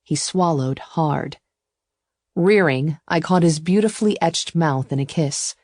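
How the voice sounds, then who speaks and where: A woman narrating a first-person romance audiobook in an even, intimate storytelling voice. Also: sits low, unhurried, dry recording, clean studio sound.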